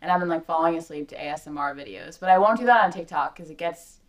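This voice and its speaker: A woman's voice: low voice, quick pace. A woman hosting a casual interview, enthusiastic and full of fillers. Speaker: host.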